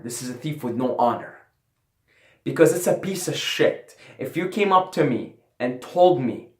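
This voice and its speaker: A man's voice: fairly high pitch, a bit bright. A man hosting his own channel, telling a personal story in a casual, profane, ranting way, repeating himself as he goes. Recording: roomy echo.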